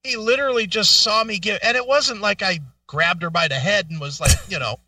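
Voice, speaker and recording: A middle-aged man with a high, bright voice tells a profane story to his co-host. He is animated and acts out every quote. The studio sounds dry, and he sits a little back from the mic. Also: fairly quick, no room sound, distant mic. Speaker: radio show co-host. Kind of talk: casual storytelling chat.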